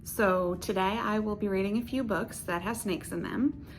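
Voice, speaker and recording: A woman librarian reading picture books aloud to young children, playful and expressive, with sound effects and little laughs. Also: mid-range voice, soft background music. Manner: speaks slowly and coaxingly to young listeners.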